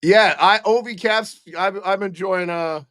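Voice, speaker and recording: A middle-aged man from Montana doing excitable live play-by-play for a fan stream at home, chatting with viewers between calls. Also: sits high, measured pace, clear, resonant tone.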